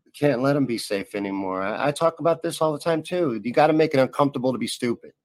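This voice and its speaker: Talk show host guy, agrees a lot, talks fast. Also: mid-range voice, dry recording. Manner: agreeable, affirming. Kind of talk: casual talk show chat.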